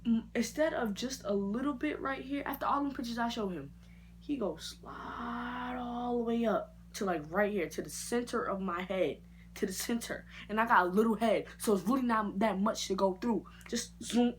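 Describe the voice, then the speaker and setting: A woman vlogger telling a personal story in a casual, slangy and expressive way. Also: mid-range voice, a little fast, slight background noise. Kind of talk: story time vlog.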